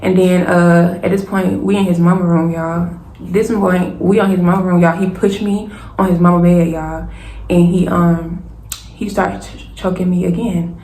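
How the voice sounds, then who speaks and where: Animated young woman, echoey room. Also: lowish voice, moderate pace. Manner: animated, keeps addressing viewers as y'all. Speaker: storytime vlogger. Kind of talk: casual storytime. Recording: echoey room with faint hiss.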